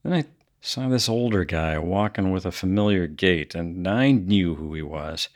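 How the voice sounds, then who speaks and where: An actor playing a brooding adult son who coldly recounts his killings in a flat tone, flaring into anger. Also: deep voice, normal speed, close to an everyday voice. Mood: coldly calm. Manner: flat, cold storytelling with bursts of anger. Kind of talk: audio drama acting.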